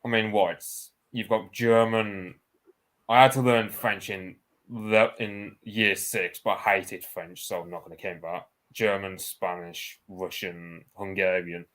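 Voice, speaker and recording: Halting, low-voiced podcast guest. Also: male voice, steady tone, fairly bright tone. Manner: halting, restarts words and sentences. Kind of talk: casual podcast chat.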